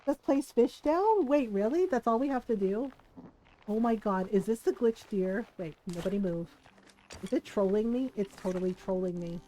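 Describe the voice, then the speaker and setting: A woman's voice: mid-range voice, lively intonation, normal speed, dark tone, faint music behind. A middle-aged woman streaming a game, chatting casually in a rambling, self-deprecating way and laughing often.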